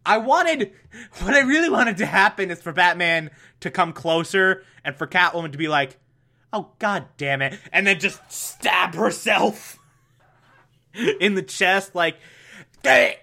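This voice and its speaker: Sarcastic guy rambling through a movie recap, slow and bright sounding. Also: high-pitched, animated, vocal fry. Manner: sarcastic, rambling, laughs at his own jokes.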